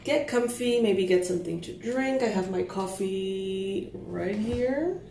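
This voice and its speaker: A woman giving a relaxed, chatty tarot reading to camera, in a sleepy early-morning voice. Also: medium pitch, takes it slowly, creaky, roomy sound, recorded from a distance, noisy background. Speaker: tarot reader.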